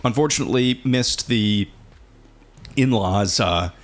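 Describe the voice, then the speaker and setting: A man in his thirties co-hosting a podcast in a relaxed, casual chat, with many fillers and restarts. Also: on the low side, unhurried. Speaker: podcast co-host.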